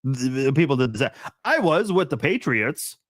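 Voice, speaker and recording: A man's voice: medium pitch, big pitch swings, normal speed, no room sound. A man hosting a casual live-stream chat, reading viewers' comments in a rambling, laid-back way with frequent laughs, fillers and restarts.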